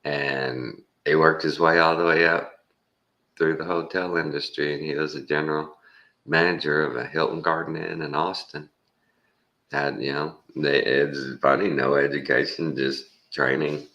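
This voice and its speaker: A man's voice: extremely low pitch, sharp tone. A Texan man in his fifties telling a rambling, folksy story with frequent chuckles. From Texas. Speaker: vlogger. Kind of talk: casual storytelling.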